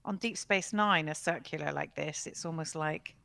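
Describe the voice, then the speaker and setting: A woman co-hosting a casual show, chatty and quick to laugh. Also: deep voice, gravelly, sharp tone, no echo. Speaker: co-host. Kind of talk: casual podcast chat.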